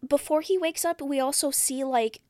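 Woman podcast co-host, higher voice, dry close sound, casual sweary plot recap. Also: normal speed, dark tone, no echo. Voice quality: swears freely, acts out quoted lines.

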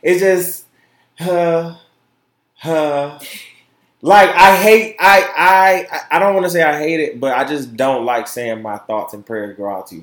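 A man hosting his own podcast, talking in an impassioned, profane way, repeating words and swinging from loud outbursts to quiet asides. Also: fairly high pitch, measured pace, roomy sound. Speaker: podcast host. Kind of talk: casual opinion podcast monologue.

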